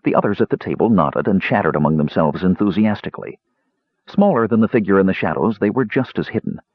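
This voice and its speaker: A man narrating a fantasy novel in measured, expressive storytelling. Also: low voice, husky, dry recording, lo-fi sound. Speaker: audiobook narrator. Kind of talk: scripted narration.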